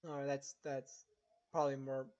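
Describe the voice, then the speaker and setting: A man's voice: medium pitch, level tone, unhurried, darkish tone, muffled recording. A man co-hosting a casual streamed talk show, chatting loosely and often stammering and repeating words. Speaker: co-host.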